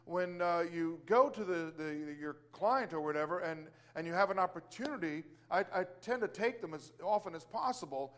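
A man's voice: high-pitched, lively intonation, normal speed, few pauses, fairly bright tone. A man telling a casual faith testimony about praying for a client, rambling with many restarts and fillers and exclaiming Hallelujah. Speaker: Christian business owner sharing testimony.

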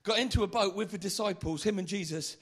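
A man preaching an animated, comic evangelistic sermon at a church meeting, acting out the stories he tells. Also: high-pitched, fast, breathy edge. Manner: animated, comic storytelling with acted-out voices.

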